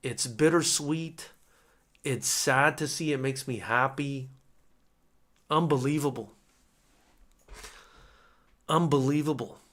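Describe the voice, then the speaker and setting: A man talks to his viewers on a live boxing companion stream. His voice is bright and forward, and his pitch sits in an ordinary middle range. He reacts with emotion and keeps repeating his words as he goes. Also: slow pace, pauses often. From United States. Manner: excitable, repeats himself, emotional. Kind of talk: live fight companion commentary.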